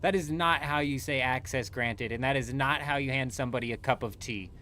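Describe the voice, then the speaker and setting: Young man, game streamer, bright tone, playful banter, live commentary. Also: mid-range voice, fast talker, a little hiss or hum. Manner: playful, trash-talking, animated outbursts.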